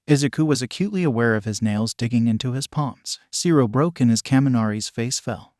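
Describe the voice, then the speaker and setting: A man narrating a fan fiction story in an even, steady reading voice. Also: medium pitch, a little fast, hardly any pauses, no echo, studio quality.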